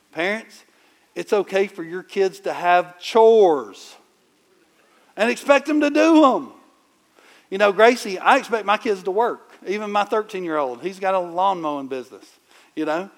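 A middle-aged man preaching in a conversational, animated storytelling way, with sudden loud bursts. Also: high voice. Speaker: pastor. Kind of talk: sermon.

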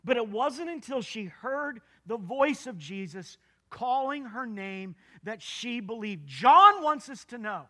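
A man's voice: very high-pitched, big pitch swings, slow pace, bright, forceful tone. A man preaching a sermon in an earnest, emphatic way, repeating his key phrases for weight. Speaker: pastor.

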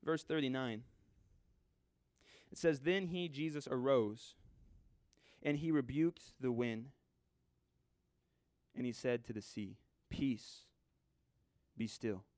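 A man preaching a sermon in a conversational way, swinging from loud, urgent lines to hushed ones. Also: medium pitch, slow pace, long pauses, no room sound, studio quality.

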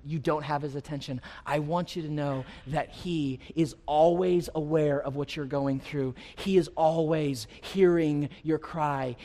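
A man delivers a sermon with a somewhat high-pitched voice, carried by a long, lingering hall reverb. He talks to the congregation conversationally, with asides and small jokes, then builds to loud, rising passages before dropping back down. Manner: preaching with wide swings in loudness, rising to near-shouts; conversational, with asides and light humor. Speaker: pastor.

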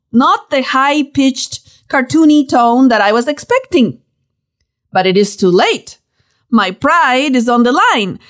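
Lively, high-voiced woman telling a story. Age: young adult. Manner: lively storytelling with playful emphasis. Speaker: narrator. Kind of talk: reading a personal story aloud.

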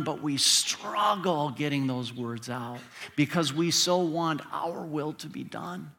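Pastor guy preaching slow, bright clear voice, gets emphatic. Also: fairly high pitch. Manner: earnest preaching, rising to emphatic peaks. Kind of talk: sermon.

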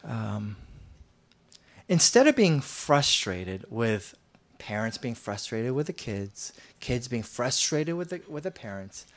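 A man preaching a sermon as pastor, in an earnest voice that rises loud for scripture and drops to near-whispers, often repeating and restarting his words. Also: mid-range voice, big pitch swings, takes it slowly.

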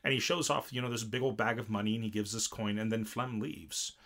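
This is a man with a bright, forceful voice in a relaxed chat, recapping a show he watched. He rambles and restarts, and he gets animated as he acts out bits of the plot. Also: on the low side, brisk. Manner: rambling, animated retelling with many fillers. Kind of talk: casual chat recapping an anime episode.

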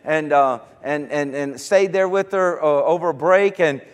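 A man's voice: on the high side, measured pace, clean tone, in a large hall. A male preacher giving a sermon, telling homely stories and building to fervent declarations. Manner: folksy storytelling, rising to fervent declarations.

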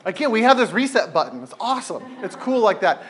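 A man's voice: high-pitched, fast, a crowd in the background, background noise. Emphatic man teaching a group. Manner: animated, emphatic, repeats phrases for effect. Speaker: speaker leading a group talk. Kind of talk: informal teaching talk.

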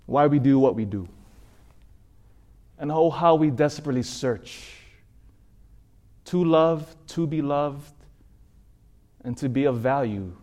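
A man giving an emotional sermon testimony, pleading, with halting repetitions as he tells his story. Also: mid-range voice, a little mellow.

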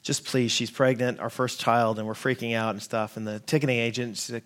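A man's voice: medium pitch, level tone, fairly quick, fairly bright tone. Brief: American male pastor in his forties, funny, self-deprecating sermon anecdote to a congregation. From United States. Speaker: lead pastor. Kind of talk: sermon storytelling.

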